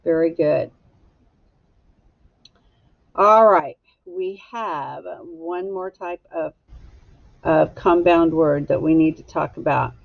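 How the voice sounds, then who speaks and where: A woman teacher giving a slow, patient phonics lesson to young children and prompting them to echo words. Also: sits low, creaky, muffled recording.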